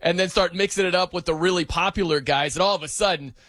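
A man hosting sports talk, animated and joking, laughing as he riffs on the news. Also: sits high, fast talker, no echo. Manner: animated, joking, breaks into mock announcer voices. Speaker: sports radio host.

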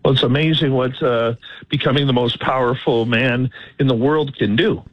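A man's voice: medium pitch, fairly even intonation, normal speed. Guy hosting a talk show, earnest and emphatic, a bit muffled. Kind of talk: casual conversation. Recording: slightly dull audio.

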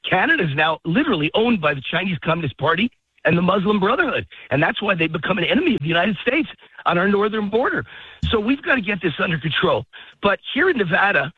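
A man's voice: sits high, big pitch swings, quick pace, slightly rough, no room sound. Breathless man ranting over a phone line. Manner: heated, ranting. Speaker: phone-in guest. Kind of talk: political talk radio interview. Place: outdoors, walking a dog in a park.

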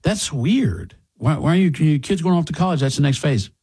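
A man's voice: a little high, animated, moderate pace, dark tone, breathy edge, pitched above the performer's own voice. A man impersonating an impatient old-school dad who scoffs at parents crying over their kids. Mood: scoffing. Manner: impatient, dismissive.

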